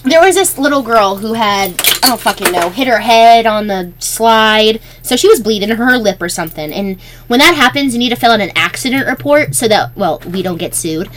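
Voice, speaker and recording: High, lively woman venting, faint hiss. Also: moderate pace. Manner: exasperated, profane storytelling. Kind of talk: casual chat.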